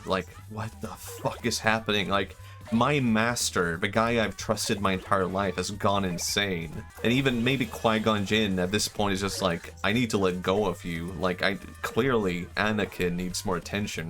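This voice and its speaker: Young man rambling on a game stream. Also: lowish voice. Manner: rambling, excitable musing with frequent swearing. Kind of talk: casual gaming stream commentary.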